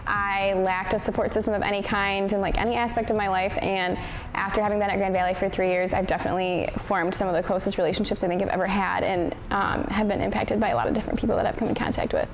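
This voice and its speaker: A woman's voice: mid-range voice, flat delivery, fast, music in the background. A young woman, a sorority president, speaking earnestly in an interview testimonial. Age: young adult.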